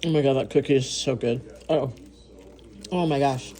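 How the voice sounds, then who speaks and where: A mellow bass voice at a moderate pace belongs to a woman vlogger sampling baked goods she's just unboxed at home. She gushes as she eats, letting out gasps and moans in her kitchen.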